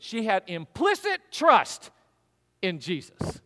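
A man preaching a sermon, telling the story with lively, acted-out voices. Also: high voice, moderate pace, in a large hall. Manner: animated storytelling, acts out voices. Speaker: pastor.

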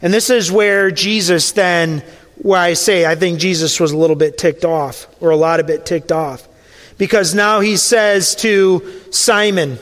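A man preaching a sermon, retelling a scene as a story and dropping to a hushed voice at the emotional moments. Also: high voice, a little slow, big-room sound.

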